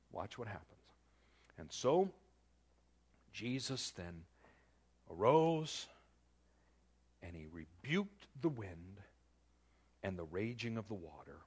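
A male pastor preaching a sermon in an animated storytelling manner, full of filler words. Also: lowish voice, slightly rough.

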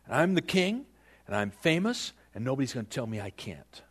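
A man's voice: medium pitch, big pitch swings, fairly quick, slightly rough. A man playing a boastful, defiant king. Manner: boastful, insistent. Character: proud, defiant ancient king, adult man.

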